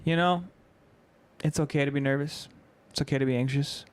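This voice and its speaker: A man co-hosting a podcast, chiming in with short encouraging remarks and gentle advice. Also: a little high, fairly even intonation, fairly quick. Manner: brief encouraging interjections and advice. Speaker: podcast co-host. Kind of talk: casual chat.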